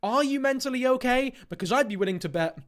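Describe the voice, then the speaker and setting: A British man with a fairly high voice talks through clips in a casual commentary style. He is sarcastic and mocking and swears freely. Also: expressive, fast talker. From Britain. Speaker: reaction commentator.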